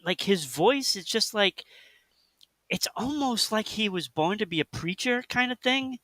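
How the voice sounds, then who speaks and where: Bright, chatty male radio co-host. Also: sits high, unhurried, no echo. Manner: rambling, animated, many fillers and restarts. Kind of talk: casual radio chat about music.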